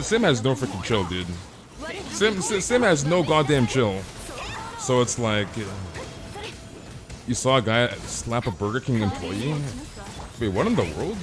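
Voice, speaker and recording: Animated ranting male game streamer. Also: mid-range voice. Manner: animated ranting, peppered with "freaking" and "dude". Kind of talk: casual live-stream chat.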